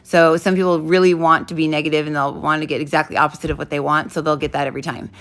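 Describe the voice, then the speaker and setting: A woman with a low, gravelly voice talks through an intuition lesson in a loose, casual way. She rambles, restarts her sentences and fills the gaps with "um" and "like". She sounds like someone in her thirties explaining things off the cuff. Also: little pitch movement, quick pace. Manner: rambling, self-interrupting, many fillers. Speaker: intuition teacher. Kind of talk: casual spoken lesson to camera.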